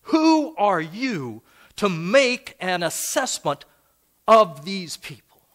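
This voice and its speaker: A man's voice: high voice, big pitch swings, slow, a bit bright, voice pushed up, full character voice. God as a divine male voice, put on by a preacher in his sermon, addressing a man by name with firm emphasis. The tone swings widely up and down as the words are pressed home. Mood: stern. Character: God, a male divine voice rebuking then comforting.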